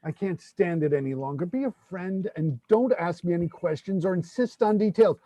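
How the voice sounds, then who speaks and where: A man's voice: high voice, normal speed, mellow, dry recording, poor audio. A man playing a frantic, worn-out family clerk. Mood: weary. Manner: exasperated ranting, breathless complaints. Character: frazzled overworked male clerk, family man, desperate. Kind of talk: play reading.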